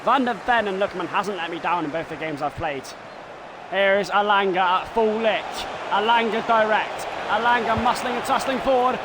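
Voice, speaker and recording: A man with a high voice narrates his football video game in the manner of a TV commentator, breaking into shouts when goals go in. His stream carries a steady hiss of background noise. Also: normal speed. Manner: bursts into shouted excitement at goals. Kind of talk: live gameplay commentary in broadcaster style.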